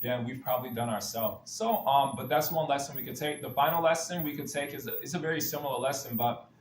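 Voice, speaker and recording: A man's voice: mid-range voice, fast talker, a little hiss or hum. A man giving an earnest spiritual talk built around Bible stories, often restarting his sentences and repeating stock phrases. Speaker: spiritual speaker. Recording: roomy echo, faint ambience.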